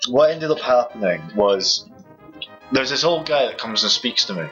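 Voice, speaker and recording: A man's voice: mid-range voice, expressive, moderate pace, bright, forceful tone. A young man from Scotland with a Scottish accent, teasing his friend in casual banter while they play a video game. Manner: teasing, mock-pompous. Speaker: co-host of a gaming video. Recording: dull lo-fi sound with game music.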